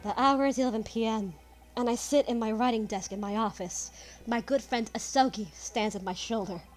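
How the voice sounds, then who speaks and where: A woman reading aloud as a male nobleman confessing in his last will, slow and halting over the words. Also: fairly high pitch, faint music behind, close to an everyday voice. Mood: grave. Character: male gentleman writing a murderer's confession. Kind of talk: reading game dialogue aloud.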